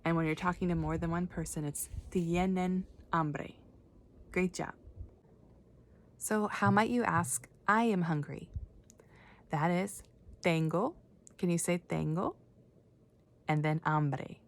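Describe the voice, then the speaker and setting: A woman's voice: fairly low pitch, measured pace, pauses often. A woman teaching a beginner Spanish lesson for children, patiently repeating each word and asking listeners to say it back. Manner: patient, repeats words and prompts listeners to say them.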